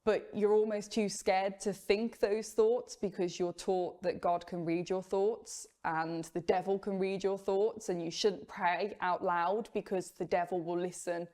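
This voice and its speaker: A young woman candidly recounting her own life story, measured and open, with the odd rueful laugh. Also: on the low side, darkish tone. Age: young adult. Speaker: former Jehovah's Witness sharing her story. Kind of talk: personal testimony.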